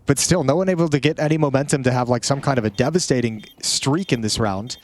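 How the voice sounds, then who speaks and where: A man giving lively play-by-play esports commentary with joking asides. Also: medium pitch, fast talker. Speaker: esports caster. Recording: noisy broadcast feed.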